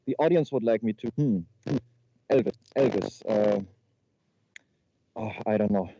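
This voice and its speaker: A man's voice: fairly low pitch, unhurried, creaky, mellow. A man improvising a comedy slide presentation over a video call, stumbling and repeating his words as he goes. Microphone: video call microphone. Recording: muffled lo-fi call audio with faint noise.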